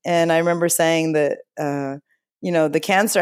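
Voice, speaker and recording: A woman telling a personal story as an interview guest, chatty and expressive, with frequent fillers and restarts. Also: fairly low pitch, moderate pace. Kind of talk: casual storytelling in a conversation.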